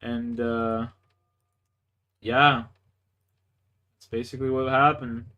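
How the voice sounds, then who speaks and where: A man's voice: mid-range voice, level tone, slow pace, bright, forceful tone, lo-fi sound. A young man from Canada livestreaming a game, telling crude, boastful stories in a rambling way full of "like" fillers. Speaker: gaming livestreamer. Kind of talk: casual storytelling chat.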